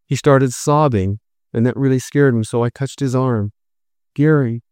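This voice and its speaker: A man narrating a first-person story in a steady, measured reading voice. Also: mid-range voice, clean tone, no echo, clean studio sound.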